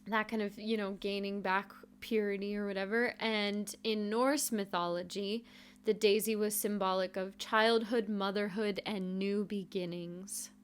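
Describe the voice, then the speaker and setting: A woman's voice: medium pitch, steady tone, measured pace, clear, resonant tone. Thoughtful, hedging woman podcast co-host. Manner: thoughtful, hedging, many fillers. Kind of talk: casual chat recapping a TV episode.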